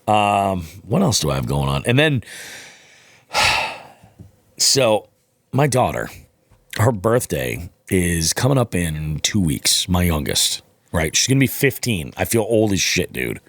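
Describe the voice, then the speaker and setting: A man hosts a casual podcast, rambling through stories and swearing freely. His low voice rises and falls in lively swings. The sound is close and dry, with no room around it. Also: takes it slowly, pauses often, no echo. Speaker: podcast host. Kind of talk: casual chat.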